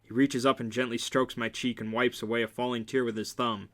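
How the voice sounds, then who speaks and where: A man's voice: medium pitch, fairly even intonation, moderate pace, hardly any pauses, sharp tone. A man reading a romance novel aloud in a casual amateur way, with small slips and restarts. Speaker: reader.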